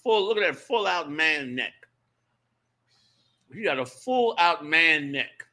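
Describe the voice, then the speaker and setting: A man with a high, very bright voice hosts a casual talk radio show. He talks emphatically, repeating his phrases and laughing between them. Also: animated, takes it slowly.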